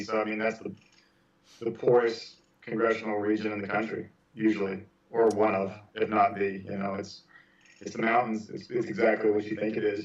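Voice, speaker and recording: A man who teaches percussion, chatting casually on a podcast in a rambling way with lots of fillers. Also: on the low side. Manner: rambling, many "you know" fillers. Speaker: percussion instructor. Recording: echoey, distant, dull sound.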